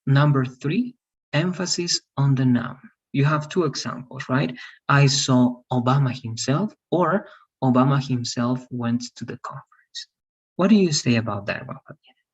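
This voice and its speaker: A man's voice: mid-range voice, moderate pace, slightly rough. A man teaching an English grammar class, explaining step by step and often checking with "okay?" and "right?". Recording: dull lo-fi audio.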